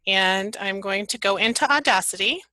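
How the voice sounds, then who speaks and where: Woman presenter, bright tone, dry room, upbeat instructional delivery. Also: mid-range voice, moderate pace, no room sound, low-quality recording. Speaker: webinar presenter. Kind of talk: software tutorial webinar.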